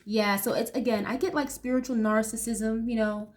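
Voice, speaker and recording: A young woman with a voice on the high side and fairly even intonation does a casual tarot reading at normal speed. Her reactions to each card are spoken aloud, blunt and full of swearing.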